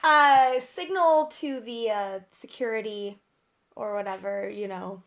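A woman playing her character in a tabletop role-play, easygoing and thinking out loud as she goes. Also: mid-range voice, unhurried. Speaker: player.

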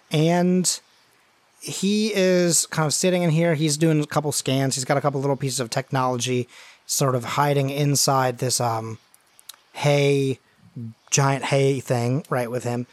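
A man's voice: mid-range voice, dry recording. A man narrating a tabletop game as game master, in a casual style full of fillers and loose asides.

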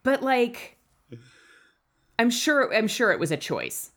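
A woman's voice: on the high side, sing-song, takes it slowly, fairly bright tone, a little hiss or hum. A woman co-hosting a casual podcast, chatty and conversational, often thinking aloud. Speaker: podcast co-host. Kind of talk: casual chat.

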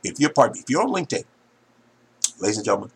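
A man's voice: on the low side, very animated, very fast, a little hiss or hum. A man hosting a solo business podcast, talking to listeners in an emphatic, repetitive, salesman-like way. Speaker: podcast host.

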